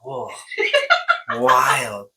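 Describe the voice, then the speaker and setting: A young man chatting casually as a co-host, animated and thinking aloud with restarts. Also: mid-range voice, extremely slow, creaky, slight background noise, rough recording. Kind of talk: casual chat.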